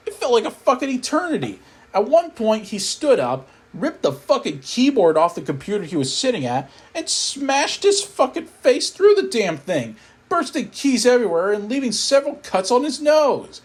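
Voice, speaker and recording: A man narrating a comedic horror story in a profane, deadpan storytelling manner. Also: very high voice, moderate pace, slightly rough.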